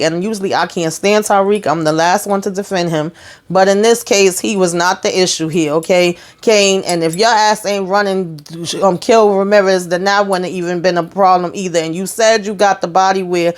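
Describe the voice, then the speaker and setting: A woman giving a casual TV episode recap in an animated, blunt and slangy way, swearing freely. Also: medium pitch. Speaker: TV show recap reviewer.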